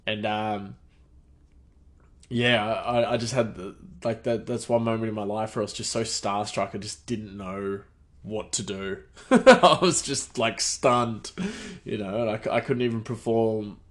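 A man's voice: lowish voice, fairly even intonation, measured pace. A man hosting a podcast, telling a casual story in a rambling way full of fillers and restarts. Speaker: podcast host.

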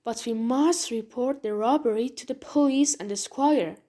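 A woman's voice: a little high, moderate pace, mellow, close to an everyday voice. A woman voicing a practical male farrier, blunt and dismissive.

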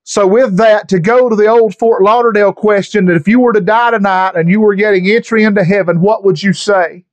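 Preacher guy, really high pitched, gets fired up and shouts in church. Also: fairly even intonation, fairly quick, few pauses. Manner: impassioned, rising to shouts. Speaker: pastor. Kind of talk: sermon. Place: church sanctuary.

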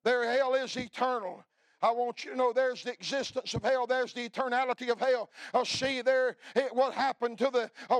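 A middle-aged man preaching an impassioned revival sermon, swinging from hushed pleading to shouting, with frequent "uh" fillers. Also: high-pitched, no echo. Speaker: pastor.

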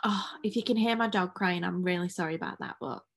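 A woman's voice: on the low side, gravelly. Woman, podcast co-host, recording at home; rambling, laughing, casual chat. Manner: chatty, rambling, quick to laugh.

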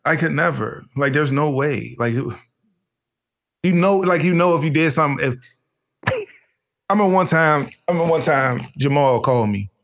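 Animated storyteller man, casual slang. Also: fairly high pitch, moderate pace, gravelly, long pauses. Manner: animated storytelling, acts out quoted friends. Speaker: podcast co-host. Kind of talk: casual chat.

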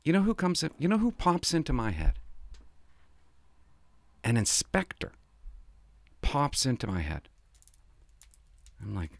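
A man's voice: medium pitch, huge pitch swings, a little slow, creaky, pauses often, no room sound. A middle-aged man from Canada, a former police officer, talking casually and confidingly on his podcast, rambling and laughing as he tells stories.

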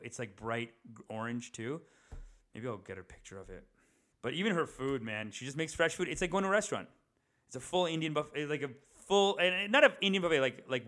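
Indoors at his parents' house, a young vlogger with a mid-range, fairly bright voice chats to the camera. His monologue is loose and rambling, peppered with swearing, many fillers, and restarts.

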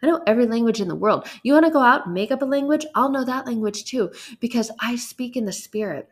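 A woman's voice: a little high, lively intonation, fast talker, pitched above the performer's own voice, close to an everyday voice. A woman voicing God as a breezy, reassuring, all-knowing deity, speaking casually and emphatically.

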